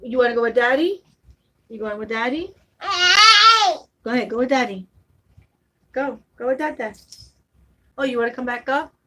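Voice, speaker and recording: A woman's voice: sits high, animated, moderate pace, long pauses, sharp tone, low-quality recording. A woman vlogging at home, talking to her baby in a coaxing voice and chatting with viewers. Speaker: vlogger and mother. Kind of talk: casual home vlog chat.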